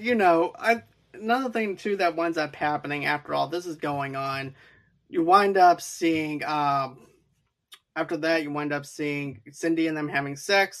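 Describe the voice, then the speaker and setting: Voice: mid-range voice, a bit bright. A co-host in a casual movie recap chat, talking in a rambling way with many filler phrases. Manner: rambling, repeats filler phrases like "too, though".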